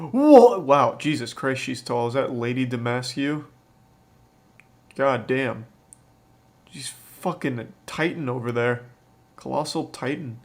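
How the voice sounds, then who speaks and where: A male streamer talks through a horror game in an unhurried, drawling way. His commentary is deadpan and sarcastic, broken by sudden startled yelps at the scares. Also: mid-range voice. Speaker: gaming streamer. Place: home streaming setup on webcam.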